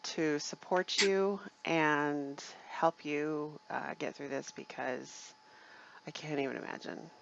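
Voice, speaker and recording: A woman co-hosts a casual livestream, chatty and quick to laugh, often pausing and restarting her sentences. Her voice has a gravelly, fry-tinged edge, and the sound is dull and lo-fi. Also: deep voice, steady tone, noisy background. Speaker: livestream co-host, shop owner. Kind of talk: casual live chat.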